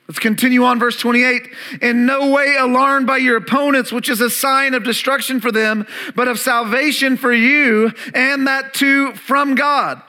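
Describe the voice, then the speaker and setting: A man with a high, bright voice preaches a sermon as pastor. He leans on key words, repeats phrases for emphasis and throws questions out to the congregation. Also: fairly even intonation, moderate pace, few pauses.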